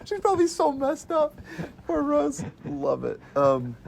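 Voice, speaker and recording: A man co-hosting a casual podcast chat about films, enthusiastic and quick to laugh as he relives favorite scenes. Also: very high voice, huge pitch swings, vocal fry, a little hiss or hum. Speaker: podcast co-host reviewing films.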